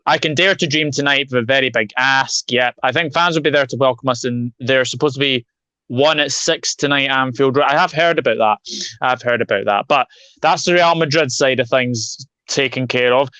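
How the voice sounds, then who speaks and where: A man's voice: mid-range voice, fairly quick, bright, forceful tone, no echo. A man hosting a live football preview, joking and reading out viewer comments. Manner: jokey, reads out live comments. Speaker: podcast host. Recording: dry, dull lo-fi mic.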